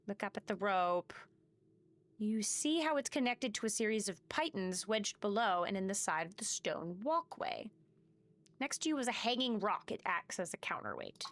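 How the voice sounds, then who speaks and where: A woman's voice: on the high side, fairly bright tone. A woman streaming gameplay live, reading game text aloud and swearing as she talks to chat.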